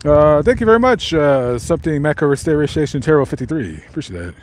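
A man's voice: a little high, sing-song, a little fast, darkish tone, slight background noise. A man casually chatting to his live stream viewers while walking around, rambling with lots of fillers and restarts. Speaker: vlogger reading live chat.

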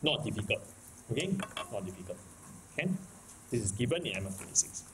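A man's voice: mid-range voice, sing-song, fast talker, background noise. A man with a Singaporean English accent giving a math lecture, repeating key points and checking in with the class often. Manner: repetitive, keeps checking in with "okay? can?". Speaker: math teacher.

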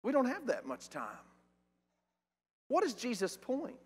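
Man, preacher, high voice, emphatic, questioning, church with long reverb. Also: wildly swooping pitch, measured pace, darkish tone, husky. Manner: questioning, emphatic, reads scripture aloud. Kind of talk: sermon. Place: church sanctuary.

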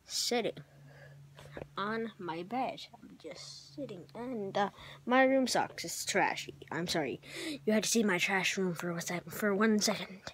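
Perched on a bunk bed in her bedroom, a girl vlogs to the camera in an unhurried, mid-range, slightly bright voice, rambling, mocking herself, sighing often and dropping to a whisper.

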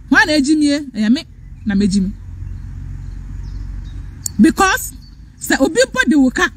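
A Ghanaian woman hosting a live stream, lecturing fiercely and repeating her points. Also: very high voice. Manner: fiery, lecturing, repeats phrases, switches between English and Twi. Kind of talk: impassioned live-stream rant.

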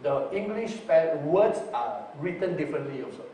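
A male preacher teaching on Greek word roots in a sermon, slow and full of fillers. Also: a little high, expressive, dark tone. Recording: roomy distant recording with faint hiss.

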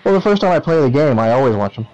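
A man's voice: medium pitch, expressive, racing, darkish tone. A man co-hosting a game stream, playful and teasing in casual chat. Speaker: co-host. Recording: dull, lo-fi sound.

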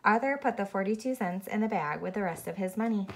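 A woman reading a children's picture book aloud to a child at home, in a gentle storytime manner with small slips. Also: medium pitch, quick pace.

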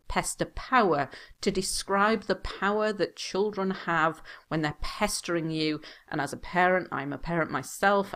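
Woman, low-pitched exam teacher, clear explanatory delivery with punchy emphasis. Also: fairly bright tone. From United Kingdom. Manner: clear, explanatory, stresses key words. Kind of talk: recorded language lesson.

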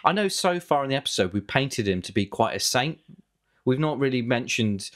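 A man's voice: mid-range voice, lively intonation, brisk. A young man from southwest England co-hosting a comedy podcast, trading dry, mock-serious banter. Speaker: podcast co-host.

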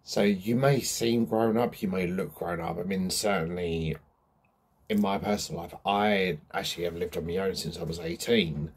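A man's voice: low voice, fairly even intonation, moderate pace, breathy edge. A young man hosting a true crime channel, explaining a case in a casual, rambling way full of ums and asides.

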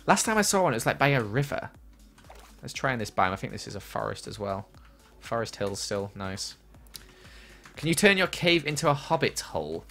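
A man's voice: medium pitch, very animated, moderate pace, vocal fry, pauses often, pushed and bright, faint music behind. A young man streaming a game, chatting casually and answering chat questions from a small room at home. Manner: chatty, reads chat aloud and answers while playing.

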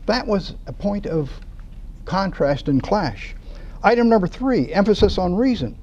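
A man lectures a church Bible study group in a folksy, unhurried way, tossing in casual asides as he walks the class through their sheets. His voice sits a little high for a man yet sounds mellow and dark. The recording is dull and lo-fi. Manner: slow, folksy teaching with asides.

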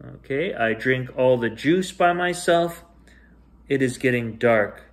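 A man reads a picture book aloud as a bedtime story, unhurried and gentle. His voice sits at an ordinary middle pitch, lifting into sing-song highs and sinking to soft hushed lines as the story moves. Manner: gentle, expressive reading with sing-song rises and hushed drops. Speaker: storyteller reading to children.

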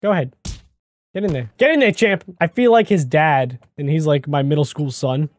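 A man hosting a gaming channel, giving excitable let's-play commentary into a desk microphone, yelping and shouting at surprises. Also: on the high side, a little fast.

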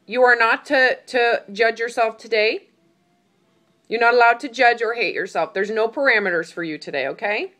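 A woman's voice: on the high side, normal speed. A woman coaching a client over a video call, speaking emphatically and encouragingly. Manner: warm, emphatic, becomes tearful. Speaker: weight-loss coach.

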